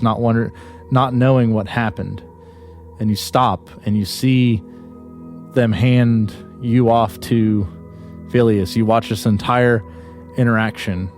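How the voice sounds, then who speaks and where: A man's voice: on the low side, darkish tone. A man narrating as game master in a tabletop game, describing scenes loosely with many restarts.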